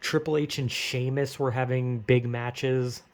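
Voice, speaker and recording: A man's voice: medium pitch, fairly even intonation, a little slow. A man ranting casually and rambling with lots of fillers, getting frustrated and swearing often. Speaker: wrestling fan vlogger. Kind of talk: casual rant.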